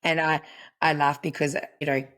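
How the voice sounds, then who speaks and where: Woman, middle-aged, very low voice, earnest, measured podcast talk. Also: level tone, fairly bright tone. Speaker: guest, family constellations practitioner. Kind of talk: reflective podcast conversation.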